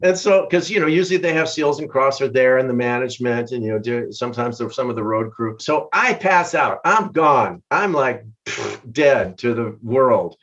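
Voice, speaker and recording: An older man being interviewed as a guest musician, telling a story in a lively way and laughing mid-sentence. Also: mid-range voice, moderate pace, few pauses. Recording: dull lo-fi sound.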